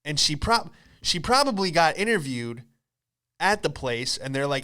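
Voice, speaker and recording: A male comedian tells a story on his podcast with an animated, exclamatory delivery full of swearing. His voice is bright, clear and sits fairly high for a man. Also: moderate pace.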